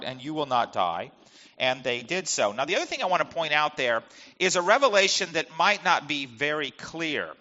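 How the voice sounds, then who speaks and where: A man's voice: fairly high pitch, big pitch swings, moderate pace, sharp tone. A man teaching verse by verse from the Bible, reading passages and explaining them conversationally with rhetorical questions. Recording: dull lo-fi with long hall reverb.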